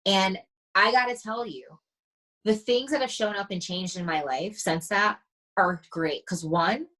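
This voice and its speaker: A woman's voice: medium pitch, measured pace, bright, forceful tone, rough recording. A woman mindset coach, a podcast guest, telling stories animatedly and acting out the dialogue she quotes. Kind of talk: casual podcast conversation.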